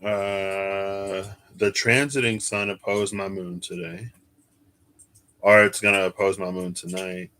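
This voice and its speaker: A man's voice: low-pitched, animated, slow, bright, forceful tone. A man, a tarot reader on a livestream, chatting casually, sleepy and often excusing his yawns as he thinks aloud and reads chat. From United States. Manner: thinks aloud while searching and reading chat. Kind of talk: casual live stream chat.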